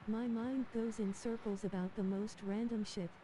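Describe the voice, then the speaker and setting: A woman's voice: mid-range voice, steady tone, normal speed, warm tone, low-quality recording. A woman chiming in during a casual chat, blunt and matter-of-fact.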